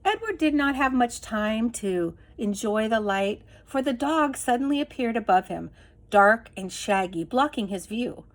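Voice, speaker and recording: A woman reading a children's chapter book aloud in an expressive, measured way. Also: fairly high pitch. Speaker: reader. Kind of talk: storybook read-aloud.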